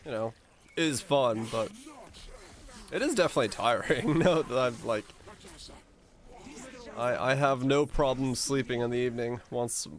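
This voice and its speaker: A male streamer chatting casually with his viewers in a relaxed, rambling way, his deep voice supported from the diaphragm. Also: unhurried, long pauses. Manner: rambling and relaxed, with frequent restarts.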